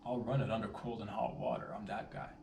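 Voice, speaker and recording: A man tells a rambling, animated story for his vlog, his voice sitting fairly low. He sounds some distance from the mic, in a roomy, echoing space with faint ambience behind him. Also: quick pace, vocal fry, slight background noise. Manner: animated, rambling, playful catchphrases. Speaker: vlogger telling a story.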